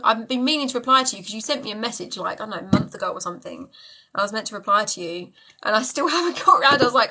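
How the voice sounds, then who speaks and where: This is a woman hosting a live stream where she answers viewers' questions about manifesting. Her voice is bright and forward, and she talks in a loose, chatty way, addressing commenters affectionately as she goes. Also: medium pitch, rapid-fire, gravelly, low-quality recording. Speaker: manifestation coach. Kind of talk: casual live-stream chat.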